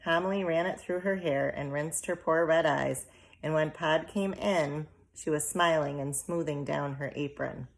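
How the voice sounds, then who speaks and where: A woman reading a children's novel aloud, in steady, measured narration. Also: sits low, gravelly. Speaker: audiobook reader. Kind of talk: storybook narration.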